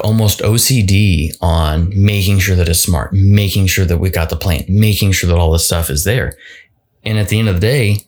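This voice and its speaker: A slightly mellow, fairly low male voice carries this solo motivational podcast. The host talks informally, often starting over and saying words twice.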